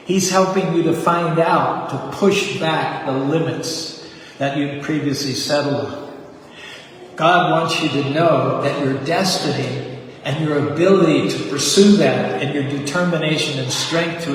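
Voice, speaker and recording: Exhorting man in his seventies, echoey hall. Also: a little high. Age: 70s. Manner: earnest, exhorting, leads chants. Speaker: temple preacher. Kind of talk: sermon with rap and call-and-response chanting. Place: temple hall. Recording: echoey hall from far off, faint noise.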